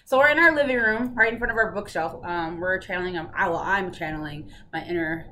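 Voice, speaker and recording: A woman's voice: fairly low pitch, brisk, few pauses, pushed and bright, a little hiss or hum. Chatty woman telling a home story. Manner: chatty storyteller, laughs often. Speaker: flosstube host. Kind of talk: casual chat. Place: living room at home.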